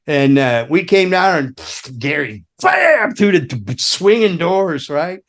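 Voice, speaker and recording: A former roadie speaks a little slowly, his voice slightly high, as he tells road stories on a casual podcast where he's the guest. He's a profane, animated storyteller who acts out the voices of the people he quotes.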